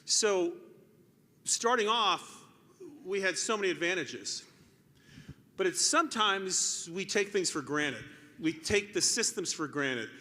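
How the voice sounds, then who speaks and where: An American man speaks casually on a conference stage with a folksy, chuckling manner. His voice is bright and forceful, a little higher than most men's. A long hall reverb trails each phrase. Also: animated, takes it slowly, long pauses. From United States. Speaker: governor. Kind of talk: onstage conversation.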